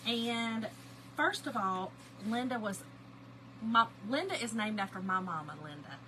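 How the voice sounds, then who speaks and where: A middle-aged woman, chatting and telling animated family stories to viewers while she crafts on a livestream. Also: fairly high pitch, unhurried, a little hiss or hum, rough recording. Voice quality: lively, animated storyteller, greets chat viewers by name.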